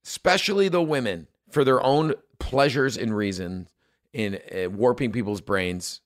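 A man's voice: medium pitch, measured pace. A man in his forties co-hosting a podcast, chatting casually in a blunt, opinionated, rambling way. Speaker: podcast co-host. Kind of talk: casual chat.

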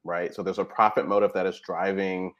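Low-voiced man explaining in conversation. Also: little pitch movement, brisk, highs cut off. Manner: explanatory, frequent "right?" and "you know". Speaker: guest expert on technology habits. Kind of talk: conversational interview talk.

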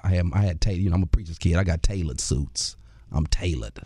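A man, a comedian and radio host, telling a lively story in a conversational interview, acting out other people's voices with bursts of laughter. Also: sits low, a little fast, husky, dry recording, studio quality.

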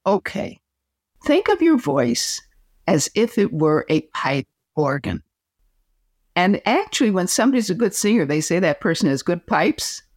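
A woman, a communication coach, giving advice as a podcast guest in an expressive, demonstrative way. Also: fairly low pitch, unhurried, no echo, studio quality. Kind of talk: podcast interview.

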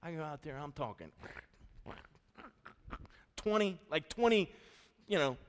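Folksy middle-aged pastor in a reverberant church. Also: male voice, fairly high pitch, measured pace. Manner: animated, folksy, swings from loud storytelling to soft earnest appeal. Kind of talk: sermon with storytelling. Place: church sanctuary. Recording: long reverb of a church hall.

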